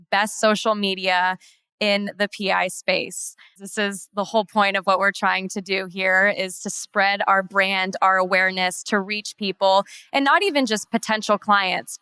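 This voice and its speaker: A woman's voice: mid-range voice, bright, forceful tone, smooth, no room sound. A woman heading marketing for a law firm, giving an organized, businesslike conference presentation.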